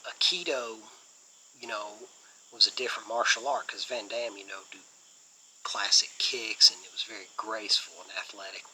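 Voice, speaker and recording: A man's voice: on the low side, bright, forceful tone, slight background noise, low-quality recording. A man hosting a casual movie review channel, rambling enthusiastically with lots of fillers.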